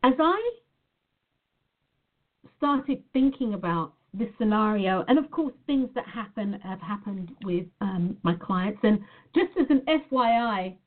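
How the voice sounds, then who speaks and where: A woman's voice: medium pitch, expressive, a little slow. A woman talking earnestly in a motivational style as a life coach, repeating words for emphasis. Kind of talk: motivational talk to camera. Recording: tinny phone-like sound.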